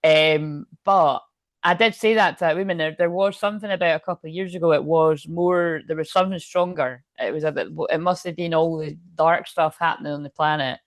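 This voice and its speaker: Scottish woman, tarot reader, casual and rambling, low-ish voice, dry close recording. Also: fairly even intonation, a little fast, no echo. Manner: rambling, chatty, swears freely. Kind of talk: casual tarot reading to viewers. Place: room at home.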